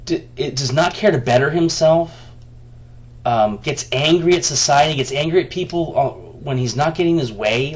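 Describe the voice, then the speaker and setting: A man's voice: on the high side, animated, moderate pace, darkish tone, dull audio. Man, vlogger, angry profane rant, stumbling restarts, talking to himself. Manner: heated, profane ranting with frequent restarts. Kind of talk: venting monologue to camera.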